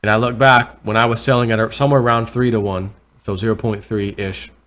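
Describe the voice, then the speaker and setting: A man vlogging casual commentary over price charts, rambling and correcting himself, with excited bursts over numbers. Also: lowish voice, a little fast. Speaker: crypto vlogger.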